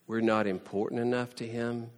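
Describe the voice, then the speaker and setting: A man preaching a sermon, telling the story with lively, playful asides and mock sarcasm. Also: mid-range voice, moderate pace, in a large hall.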